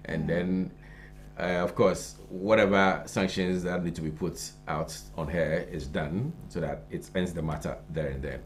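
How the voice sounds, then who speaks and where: A man with a Ghanaian accent, co-hosting a live morning show, reading and chatting over the news in a relaxed way with fillers. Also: low voice, unhurried, a little hiss or hum. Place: TV studio.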